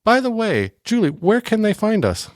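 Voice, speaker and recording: A man's voice: high voice, huge pitch swings, moderate pace, no echo, studio quality. A man co-hosting a casual movie podcast, reading listener comments and joking with his co-hosts. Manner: joking, wraps up with a ranking. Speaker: podcast co-host.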